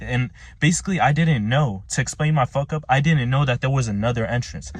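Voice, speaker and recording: A man's voice: mid-range voice, dry recording. A young man telling a work mishap story in casual, profane slang, full of restarts and filler words.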